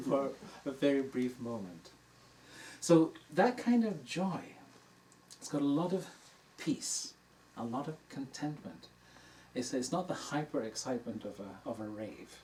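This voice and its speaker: A man's voice: medium pitch, animated, unhurried. Older man, teacher telling a story to a hall audience, easygoing, self-amused, recorded from a distance with a faint hiss. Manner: warm anecdotal storytelling, laughing at his own story. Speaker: dharma teacher. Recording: distant mic in a room with faint noise.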